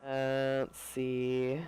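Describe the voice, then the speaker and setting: A man's voice: mid-range voice, a little mellow, smooth, low-quality recording. A man co-hosting a podcast, chatting casually and telling laid-back stories full of swearing. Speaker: podcast co-host. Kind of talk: casual chat.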